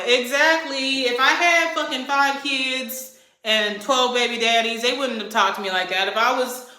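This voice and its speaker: A woman's voice: high voice, normal speed, sharp tone. Heated, swearing young woman ranting. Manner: heated, profane, emphatic. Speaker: vlogger. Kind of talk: angry venting rant to camera. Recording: echoey room.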